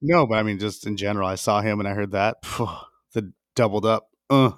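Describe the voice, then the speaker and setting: This co-host's voice is fairly low and fairly quick, recorded dry at studio quality through a headset mic. In the casual podcast chat, he cracks crude jokes and swears without restraint.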